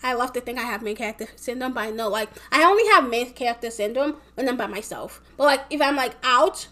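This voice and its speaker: A woman's voice: on the high side, expressive, quick pace, a bit bright. A young woman rambling casually in a vlog, packing her talk with fillers and swearing a lot. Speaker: vlogger.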